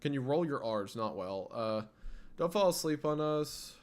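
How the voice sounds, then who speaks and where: A man streaming, talking to his chat in a loose, rambling way with a faint Southern US lilt. His voice sits at an everyday middle pitch, and he often stops and restarts his sentences. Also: expressive, measured pace. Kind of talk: casual livestream chat.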